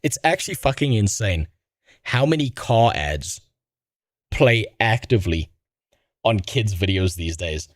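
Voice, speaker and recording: A man's voice: fairly low pitch, lively intonation, unhurried, long pauses, no echo, clean studio sound. A man streaming casual reaction commentary, rambling and sarcastic with a lot of swearing.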